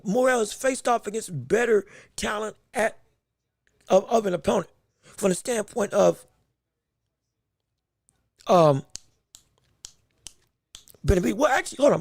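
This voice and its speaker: A man hosts a boxing podcast, commenting live on a fight. His voice sits very high with a gravelly rasp, and it is recorded close and dry with no room sound. He rambles, stammers and keeps correcting himself mid-thought. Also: no echo. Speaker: podcast host.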